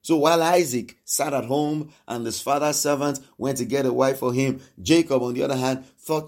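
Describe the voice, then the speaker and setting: A man's voice: mid-range voice, fairly even intonation, fairly quick, vocal fry, hardly any pauses. A man preaching a sermon, emphatic and repetitive, asking his listeners questions and acting out quoted speech. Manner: emphatic, repeats phrases, asks the congregation questions; acts out quoted speech with sudden swings in loudness.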